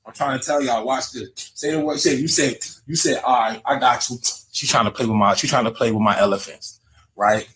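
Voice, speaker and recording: A man co-hosting a live chat show, joking and telling stories, acting out quotes loudly. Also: medium pitch, fairly quick, low-quality recording. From Virginia, US. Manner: playful storytelling, acts out quotes loudly. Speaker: podcast co-host.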